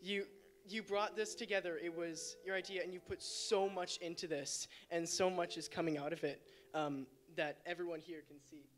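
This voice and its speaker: A man's voice: high voice, steady tone, moderate pace. A young man on a theater stage giving sincere, heartfelt thanks on behalf of the cast. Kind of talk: short stage tribute.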